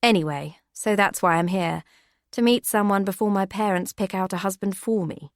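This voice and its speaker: A woman voicing a calm young woman who speaks in a low, matter-of-fact way. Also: normal speed, no room sound, studio quality, close to an everyday voice.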